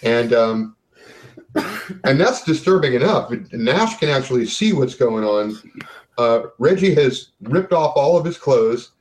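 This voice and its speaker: A man's voice: mid-range voice, darkish tone, a little hiss or hum, low-quality recording. Male game master narrating.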